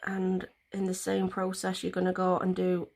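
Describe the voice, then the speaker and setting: Chatty woman, flat voice. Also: on the low side, normal speed, creaky, a little hiss or hum. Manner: chatty, rambling, many fillers and restarts. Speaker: nail tutorial vlogger. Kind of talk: casual step-by-step tutorial.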